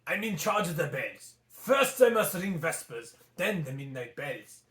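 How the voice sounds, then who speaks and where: A man's voice: fairly high pitch, very animated, a little slow, fairly bright tone. A man voicing a lonely, shy young male bell-ringer in a put-on French accent, sighing and wistful, in an echoey room. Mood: dutiful.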